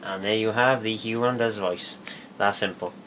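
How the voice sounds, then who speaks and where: A man giving a casual spoken tutorial, rambling and halting with many fillers and restarts. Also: fairly low pitch, music in the background. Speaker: video tutorial maker.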